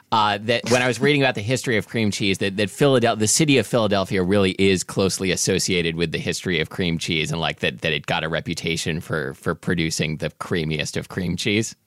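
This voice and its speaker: A man's voice: sits low, brisk, a bit bright, no room sound, clean studio sound. A man co-hosting a podcast in a casual chat, joking at his own expense and hesitating with fillers. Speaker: podcast co-host.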